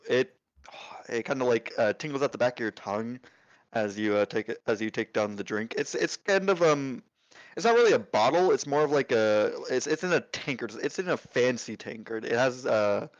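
A man running a tabletop game, narrating in halting bursts full of fillers. His voice sits mid-pitched, and the recording is dry and slightly dull. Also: no echo. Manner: hesitant, filler-heavy description. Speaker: game master.

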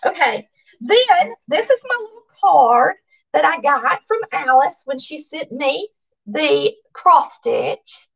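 A Southern woman hosting a cooking channel, chatting casually and excitedly to her viewers as she reads their cards aloud. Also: high voice, takes it slowly, gravelly, distant mic, lo-fi sound.

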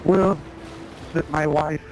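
A man's voice: on the high side, steady tone, slow, soft background music. A man playing a male cyborg soldier saying farewell, in a clumsy Arnold-style impression with broken grammar. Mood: solemn farewell.

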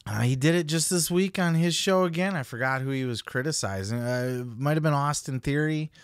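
A man's voice: a little high, fairly quick, smooth, dry recording, studio quality. Blunt, swearing podcast host, a man. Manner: blunt and heavily profane. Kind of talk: casual podcast commentary.

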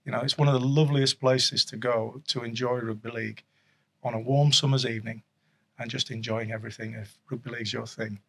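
A man's voice: mid-range voice, steady tone, a little fast, gravelly, a bit bright, breathy edge. A middle-aged man, a guest telling rambling stories in a casual chat, chuckling and restarting often. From Yorkshire, England. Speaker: guest, former rugby league coach and official.

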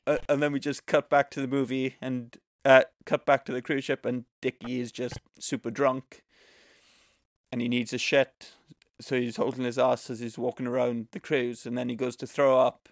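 A man with a gravelly, creaky voice walks through a movie's plot on a podcast, one scene after the next. He talks casually into a close mic, and the sound is dry with no room behind it. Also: mid-range voice, little pitch movement, normal speed, dry recording. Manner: retells the plot at length, laughing at it. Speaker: podcast co-host. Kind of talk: casual movie recap chat.

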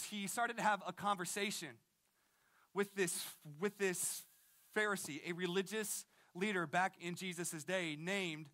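A male pastor delivers a lively sermon in a high, bright voice. He talks casually and with energy, using slang and restarting sentences as he goes.

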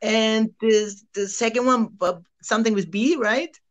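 Slow, hesitant woman guessing. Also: on the high side, dry recording, poor audio. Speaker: guest. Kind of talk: casual interview game.

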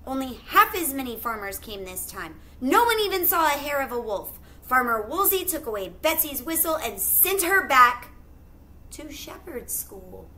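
A woman teacher reading a picture book aloud to children, pausing to ask them questions. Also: high-pitched, sing-song, pushed and bright. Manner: pauses to ask listeners questions.

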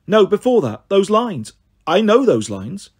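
A man voicing a friendly, determined teenage boy who talks calmly and coaxingly. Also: high voice, unhurried, slightly rough, voice pushed up, full character voice. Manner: coaxing, calm.

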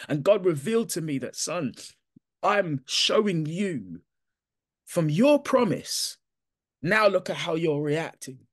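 A man telling a personal testimony to a congregation in an animated storytelling way, acting out his own self-talk. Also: on the high side, dry recording, studio quality. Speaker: church member giving testimony.

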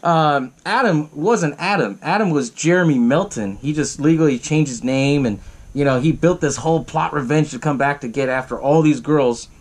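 A man's voice: a little high, moderate pace. A man hosting a podcast, casually recapping a horror movie in a loose, profane way full of fillers. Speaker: podcast host.

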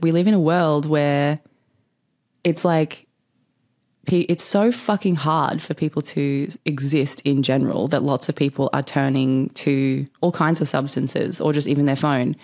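A young woman tells a story in a loose, rambling vlog style. Her voice sits low, and she fills it with "like" and casual swearing. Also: fairly even intonation, normal speed, darkish tone. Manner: rambling, swears freely, says "like" constantly. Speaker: vlogger.

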